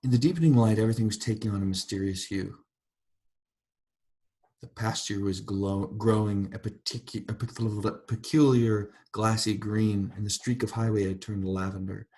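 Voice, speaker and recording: Male lit lecturer, lowish voice, reads then explains, thoughtful. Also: fairly even intonation, moderate pace, dark tone. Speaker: literature lecturer. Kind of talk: university lecture with read-aloud passages.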